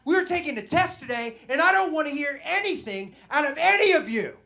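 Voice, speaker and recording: A man's voice: extremely high pitch, expressive, fairly quick, vocal fry, voice pushed up, full character voice. A man voicing a flustered male sixth-grade teacher who can't control his class, in a strained, exasperated voice. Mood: stern. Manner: strained, loud, exasperated barking.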